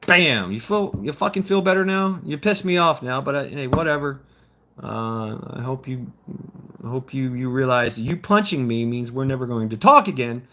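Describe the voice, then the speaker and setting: Bright-voiced profane man in his fifties. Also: mid-range voice, moderate pace. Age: 50s. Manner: rambling, profane, repeats words and restarts often. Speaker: livestream host reading chat. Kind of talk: casual livestream chat.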